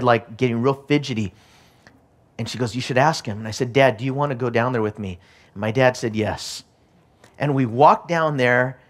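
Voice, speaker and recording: A middle-aged male pastor giving a sermon, moving from a personal story to urgent, repeated exhortation. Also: medium pitch.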